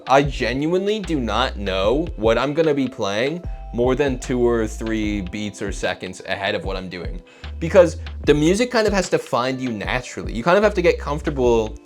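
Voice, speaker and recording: A man teaching guitar in a casual lesson, explaining improvising and scat-singing phrases along with his playing. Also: mid-range voice. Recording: music playing behind the voice.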